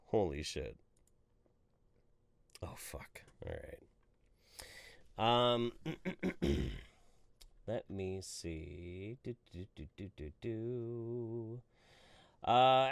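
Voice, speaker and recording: A man's voice: medium pitch, no room sound, studio quality. A man hosting a live stream, reading out viewer messages and reacting in a profane, exasperated way. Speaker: livestream host. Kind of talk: casual live-stream chat.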